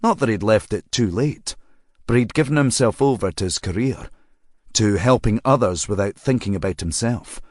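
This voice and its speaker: A man narrating an audiobook crime novel in a measured, even storytelling manner. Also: on the low side, no room sound, clean studio sound. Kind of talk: scripted narration.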